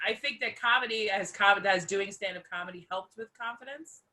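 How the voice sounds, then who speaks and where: A young woman hosts a casual comedy chat, her voice bright and forward. She tells stories in an animated, giggly way and often breaks into big laughs. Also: medium pitch, a little fast. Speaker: host.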